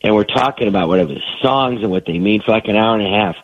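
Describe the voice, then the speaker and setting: A middle-aged man with a cold, his voice husky and thick with phlegm. He rambles through stories in a self-deprecating way, with a dry, close sound. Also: on the low side, fast, no echo, highs cut off. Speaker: comedian guest. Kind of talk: casual chat.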